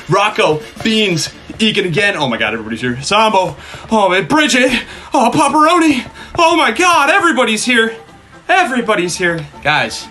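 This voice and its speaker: Hyped young-sounding male streamer. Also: a little high. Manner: hyped, shouty greetings, swears casually. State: out of breath. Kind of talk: live stream chat, thanking viewers.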